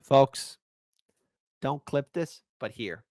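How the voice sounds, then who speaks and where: A woman from Chicago hosts a casual online commentary show with a teasing, mocking delivery. Her voice sits low but leaps around in a lively way. The sound is dry and close. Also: drawn-out words, no echo. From Chicago, USA. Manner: mocking, playful, bouncy delivery.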